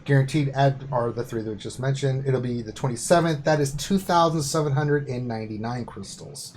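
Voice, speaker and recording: A man's voice: mid-range voice, fairly quick, a little mellow, slight background noise. A man co-hosting a casual gaming live stream, reading update notes aloud with joking asides. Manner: reads patch notes aloud, then jokes and asides.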